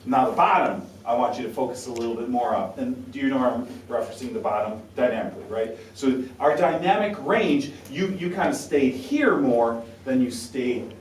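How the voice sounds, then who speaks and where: A man's voice: medium pitch, animated, moderate pace, hardly any pauses, slight background noise. A man coaching a saxophone quartet, talkative and encouraging, sounding out syllables to demonstrate. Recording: roomy sound from a distance with faint ambience.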